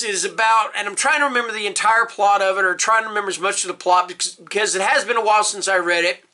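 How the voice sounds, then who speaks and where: A man's voice: sits high, bright, forceful tone. A middle-aged man chatting casually about books, rambling and emphatic, often checking in with "all right?" and swearing now and then. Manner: openly emotional, swears. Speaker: book reviewer. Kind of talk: casual booktube tag video.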